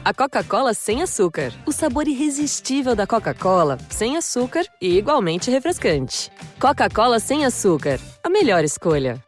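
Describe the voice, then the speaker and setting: A woman announcer reading a soft drink radio ad in a bright, lilting voice. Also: a little high, big pitch swings, a little fast, soft background music, voice pushed up. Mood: upbeat. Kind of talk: radio ad read.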